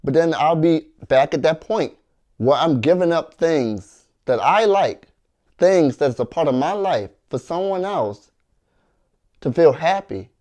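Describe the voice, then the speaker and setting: Guy venting about his wife, slightly high voice, lots of ups and downs. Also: expressive, a little slow, darkish tone. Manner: aggrieved, earnest, retelling arguments. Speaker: content creator and street performer. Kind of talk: storytelling to camera.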